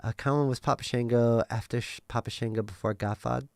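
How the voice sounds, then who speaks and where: A man in his thirties chatting casually on a live stream, rambling and animated, swearing freely and filling his speech with likes and uhs. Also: mid-range voice, fast talker, gravelly, no room sound, studio quality.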